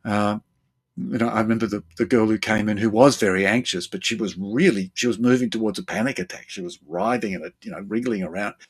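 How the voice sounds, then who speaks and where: A man who works as a therapist, explaining his ideas in relaxed conversation. He often acts out other people's lines with sudden jumps in pitch and thinks aloud with fillers and repeated words. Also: fairly quick, husky. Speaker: therapist and guest.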